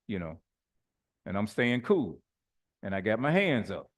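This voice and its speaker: A middle-aged man, a bishop, preaching informally with personal stories, animated and colloquial, often laughing as he talks. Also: on the low side, unhurried, long pauses.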